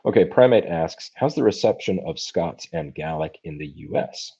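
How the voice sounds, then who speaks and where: Very deep-voiced man answering viewer questions. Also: expressive, vocal fry, dark tone, husky, highs cut off. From United States. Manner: thoughtful, halting, many fillers and restarts. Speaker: language-learning channel host. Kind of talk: livestream Q&A chat. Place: home, streaming live. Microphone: computer mic for a livestream.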